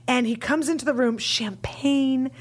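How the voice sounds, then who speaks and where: A woman comedian telling stories as a podcast guest, animated and acting out the voices of the people in them. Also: high voice, measured pace. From United States. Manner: animated, acts out voices in quotes. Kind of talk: casual podcast storytelling.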